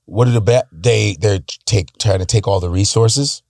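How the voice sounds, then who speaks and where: A man's voice: lowish voice, normal speed, vocal fry, darkish tone, dry recording, clean studio sound. A man talking in a loose, profane casual chat, breaking into voices and accents now and then. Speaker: stand-up comedian guest.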